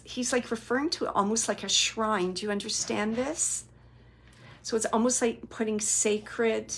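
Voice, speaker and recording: A woman working as a psychic medium and host, giving live readings in a loose, halting way full of "like" and "um," and relaying messages from spirits in the first person. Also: mid-range voice, creaky, a little hiss or hum.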